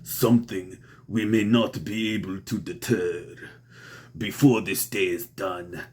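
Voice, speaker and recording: A man voicing a menacing male villain in a put-on Russian accent, speaking slowly and gravely during a casual chat. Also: low voice, steady tone, darkish tone, slight background noise. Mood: ominous.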